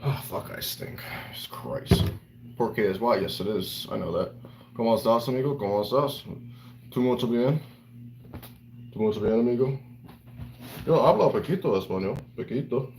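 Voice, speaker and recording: A man's voice: medium pitch, normal speed, pauses often, a little mellow, a little hiss or hum, rough recording. A man live-streaming and chatting with viewers, rambling playfully and slipping into broken Spanish. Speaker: livestreamer reading chat. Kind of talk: casual live-stream chat.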